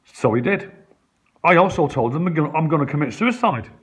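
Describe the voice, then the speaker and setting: Low-muttering man telling his story. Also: brisk. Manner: low muttering, conspiratorial, points around his flat as he talks. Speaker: vlogger. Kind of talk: rambling first-person account to camera. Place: his home, a flat indoors.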